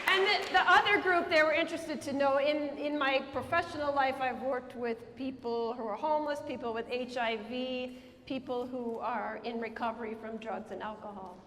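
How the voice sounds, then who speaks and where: A woman's voice: high voice, moderate pace, background noise. A woman comedian from Minnesota and Colorado, chatting with the audience and repeating their questions aloud. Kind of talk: audience Q&A after a stand-up show. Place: prison hall with an audience. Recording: echoey hall with crowd.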